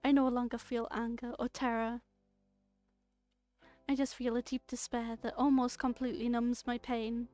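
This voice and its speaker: A woman streaming, reading a story game aloud and reacting with jokes and loud outbursts. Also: on the high side, moderate pace, faint music behind. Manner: animated, joking, bursts into loud outbursts and laughter.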